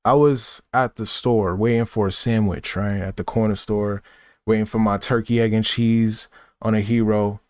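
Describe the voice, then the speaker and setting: A man's voice: on the low side, steady tone, moderate pace, a little mellow, smooth, no echo, studio quality. A man, talking loosely in a casual monologue full of fillers and tag questions. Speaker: vlogger.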